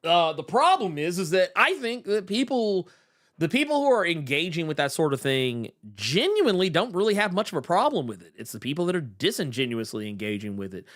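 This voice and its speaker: A young man hosting a podcast, chatting in an excitable, slangy way and often restarting his sentences. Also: fairly high pitch, a little fast. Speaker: podcast host. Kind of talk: casual pop-culture chat.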